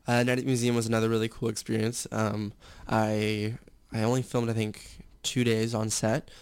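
A man's voice: lowish voice, level tone, moderate pace, clear, resonant tone, no echo. A young man, a stadium announcer and actor, chatting candidly as an interview guest with many fillers and restarts. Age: young adult. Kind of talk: casual interview chat.

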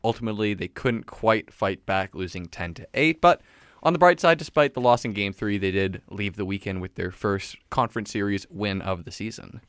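Low smooth-voiced male sports host. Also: moderate pace, a bit bright, dry recording, studio quality. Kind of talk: casual sports chat.

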